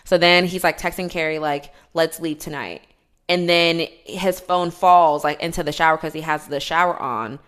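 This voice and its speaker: Casual podcast woman, low-ish voice, lively storyteller who acts out scenes. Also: normal speed, smooth. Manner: animated storyteller, acts out scenes with loud cries. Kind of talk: casual chat. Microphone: remote call.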